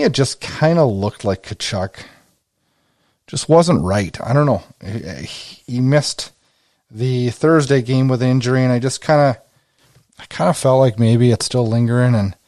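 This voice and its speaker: Mellow-voiced man recapping a hockey game. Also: mid-range voice, normal speed, no echo, clean studio sound. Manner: excitable, conversational, retells his own reactions. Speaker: podcast host. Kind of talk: casual game recap commentary.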